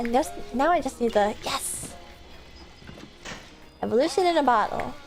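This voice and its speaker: Excitable girl streamer, kinda high voice that bounces around, laughs and swears a lot. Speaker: game streamer. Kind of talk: casual live-stream gameplay chat.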